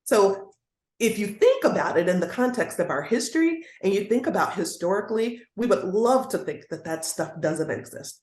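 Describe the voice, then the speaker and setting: A woman's voice: medium pitch, lively intonation, moderate pace, darkish tone. A woman guest educator speaking earnestly in a conversational interview, now and then acting out the voices she quotes. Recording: roomy echoey sound.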